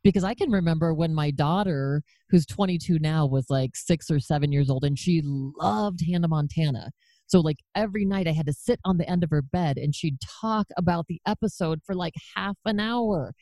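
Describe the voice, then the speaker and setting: A woman's voice: low-pitched, normal speed, warm tone, no room sound, clean studio sound. A woman in her forties hosting an interview podcast, chatting conversationally with a guest. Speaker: podcast host. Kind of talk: casual interview chat.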